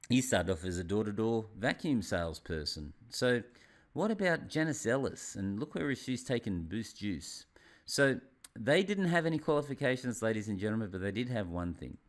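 A man, a business consultant giving a motivational presentation, telling his story with theatrical swings in pitch and volume and addressing the audience as ladies and gentlemen. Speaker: business consultant and seminar speaker.

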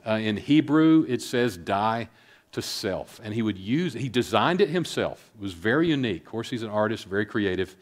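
A middle-aged man giving a filmed public talk, speaking earnestly and haltingly with many fillers, calm and reflective. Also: on the low side. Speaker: speaker on suicide prevention.

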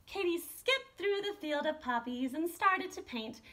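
Animated woman reading a children's story. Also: very high-pitched, a little slow. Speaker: art teacher. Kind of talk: storybook read-aloud.

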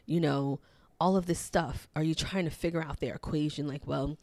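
Low-voiced earnest woman podcast host. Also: steady tone, moderate pace, a little mellow, dry recording. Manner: reflective, earnest, with many fillers and repeated phrases; acts out quoted voices in a higher pitch. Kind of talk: solo motivational podcast talk.

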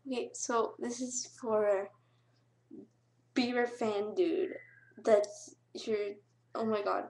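A woman's voice: fairly high pitch, fairly even intonation, slow pace, a little mellow. A teenage girl thanking her subscribers in a casual vlog, gushing, giggly and close to tears. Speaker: vlogger.

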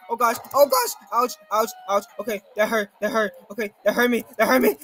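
Jittery high-voiced male game commentator. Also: a little fast, faint music behind. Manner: jittery and excitable, constant nervous exclamations; talks to himself and to viewers. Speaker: gaming video creator. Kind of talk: live gameplay commentary.

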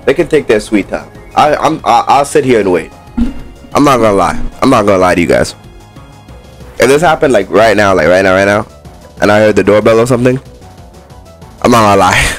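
A man giving excitable let's play commentary on a horror game, talking back to the game and swinging between boasting and panic. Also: on the low side, a little fast, long pauses, soft background music. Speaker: gaming YouTuber.

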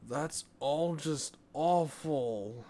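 A man's voice: fairly high pitch, very slow, mellow, pitched above the performer's own voice. A man voicing a whiny little boy who only wants ice cream, reading a children's storybook aloud.

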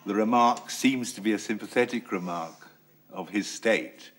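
A man's voice: on the low side, moderate pace, breathy edge. A middle-aged man with a precise, persistent way of explaining, leading an acting masterclass. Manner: precise, persistent, insists on his point. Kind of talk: explanatory, probing coaching.

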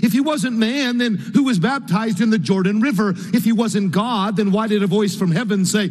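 A man's voice: high voice, moderate pace, few pauses. A man pastor preaching a sermon in a church, building his points through repeated rhetorical questions, with an occasional "uh.". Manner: occasional "uh" fillers. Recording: long hall reverb.

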